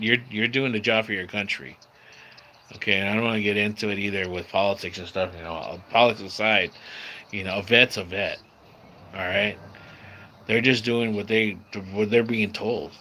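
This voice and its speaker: Socal guy chatting on his livestream at home, kinda low voice but really sharp, calls everyone dude. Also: slight background noise. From San Diego, California. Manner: laid-back, says bro and dude a lot. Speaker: livestream host. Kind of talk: casual live-stream chat with viewers. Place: at home near a screen door.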